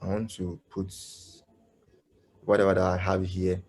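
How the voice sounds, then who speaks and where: A man teaching web development in a live online class. He speaks haltingly, with many fillers, and keeps checking whether his students understand. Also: low-pitched, monotone, a little mellow, slight background noise. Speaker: coding instructor. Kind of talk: live online coding lesson.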